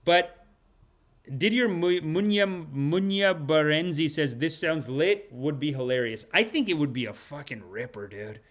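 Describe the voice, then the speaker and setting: A brash young man hosting a comedic podcast, swearing freely and swinging between loud bursts and low mutters. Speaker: podcast host. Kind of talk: comedic podcast monologue and card reading.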